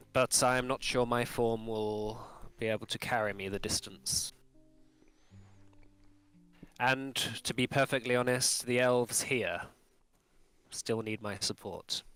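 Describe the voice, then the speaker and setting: A man's voice: mid-range voice, fairly bright tone. A man voicing a solemn old clockwork dragon. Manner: formal, measured. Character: huge clockwork dragon, old, grieving and dignified.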